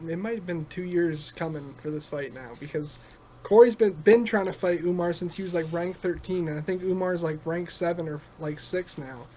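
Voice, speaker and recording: A young man co-hosting a casual podcast, eager and quick to agree with his partner. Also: high voice, mellow, slight background noise. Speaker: podcast co-host. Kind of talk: casual chat.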